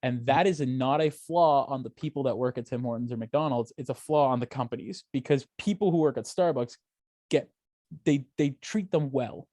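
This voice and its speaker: A man's voice: normal speed, no room sound, studio quality. Swearing young man telling rants. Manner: profane, animated storytelling with sharp swings up and down in pitch. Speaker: podcast co-host. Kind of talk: casual chat.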